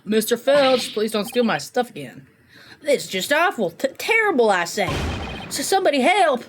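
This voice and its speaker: A woman's voice: on the high side, very animated, normal speed, noisy background. Woman doing a folksy southern thief. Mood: distressed. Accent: American Southern (put on). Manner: folksy, overdramatic. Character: fussy male thief with a southern drawl. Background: game music.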